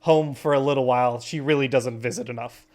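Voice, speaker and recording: A man voicing a fussy, doting upper-class mother who gossips about her daughter in a high voice. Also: fairly even intonation, brisk, natural voice. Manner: gushing, chatty, high-pitched and loud.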